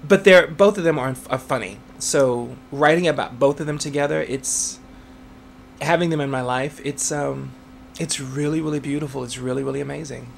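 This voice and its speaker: Man, author, interview answers, gravelly, chatty, frequent laughs, faint background noise. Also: mid-range voice, normal speed. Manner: chatty, laughs often, many fillers.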